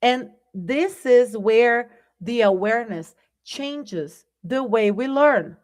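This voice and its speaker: Fairly high-pitched and animated yet slow, this woman's voice has a darkish tone as she runs a live English lesson with a Brazilian Portuguese accent. Addressing viewers as "guys," she talks conversationally and asks "right?" again and again.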